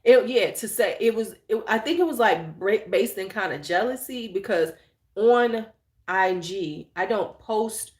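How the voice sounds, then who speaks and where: A woman's voice: mid-range voice, a little slow, roomy sound. A woman hosting a casual live chat, telling stories bluntly with lots of swearing and answering viewers as she goes. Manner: blunt, profane, animated storyteller. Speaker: channel host.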